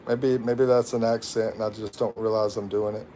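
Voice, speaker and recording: A man's voice: on the low side, level tone, moderate pace, dark tone, slight background noise. Rambling American man on a livestream. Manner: rambling, self-mocking, laughs often. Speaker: livestream host. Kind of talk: casual livestream chat, reading comments. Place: home in the Philippines.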